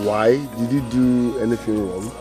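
An actor with a Nigerian accent playing a kind young man who gently comforts a crying girl. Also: medium pitch, little pitch movement, moderate pace, close to an everyday voice, rough recording. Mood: gentle. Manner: gentle, reassuring. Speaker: kind son. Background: film score music.

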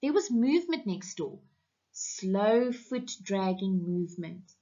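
A mid-range female voice with a South African accent belongs to a teacher reading a story to her online class. Her storytelling is expressive and deliberate, though the audio is muffled and low-fidelity.

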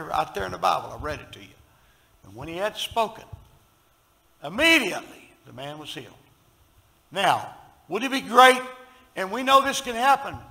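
Preaching with a Southern US accent, this pastor shifts from booming emphasis to quiet storytelling and prompts his congregation to answer back. The audio is poor, and his slightly high voice carries vocal fry.

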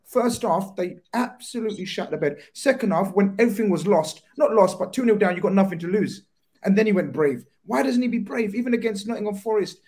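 High-voiced, blunt man. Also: brisk. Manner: blunt, sweary, animated banter. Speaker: football podcast panelist. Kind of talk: casual chat.

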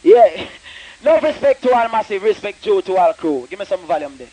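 Very high-voiced Jamaican deejay chanting live. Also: male voice, sing-song, moderate pace, warm tone. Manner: rhythmic patois chanting, talking to the crowd and sound man between verses. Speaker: dancehall deejay. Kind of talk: live dancehall toasting. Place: outdoor dance event. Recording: distant live mic with sound system music.

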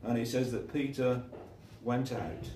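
Telling stories in an informal sermon, a man chats along and acts out each person's voice. He has a warm, medium-pitched voice and a measured pace. The echoey room puts him at a distance, and a little hiss or hum comes through.

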